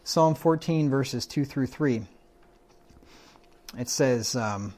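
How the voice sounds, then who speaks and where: A man's voice: medium pitch, slow pace, long pauses, a little mellow. Conversational preacher man teaching scripture. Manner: conversational, quotes scripture, asks the room "right?". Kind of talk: Bible-study sermon.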